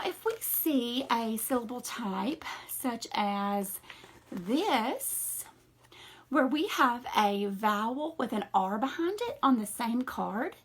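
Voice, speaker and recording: A woman teaching a phonics lesson to young children in a slow, encouraging, sing-song teacher voice. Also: fairly high pitch, breathy edge. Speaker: reading teacher.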